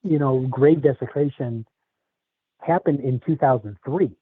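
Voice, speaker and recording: A man's voice: medium pitch, husky, no room sound. Guest man over tinny call audio. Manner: measured, hesitant, lots of fillers. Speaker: podcast guest. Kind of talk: casual interview, storytelling. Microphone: video call. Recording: phone-like narrow audio.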